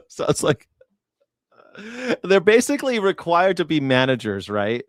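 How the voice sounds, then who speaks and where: A man's voice: a little high, big pitch swings, takes it slowly, no room sound, clean studio sound. A man hosting a casual reaction show, talking bluntly and rambling with plenty of swearing. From grew up in a city. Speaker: news reaction host.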